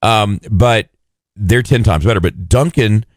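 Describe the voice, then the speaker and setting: A man's voice: lowish voice, measured pace, no room sound, clean studio sound. A man co-hosting a casual chat show, joking and tossing in wry asides. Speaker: radio show co-host.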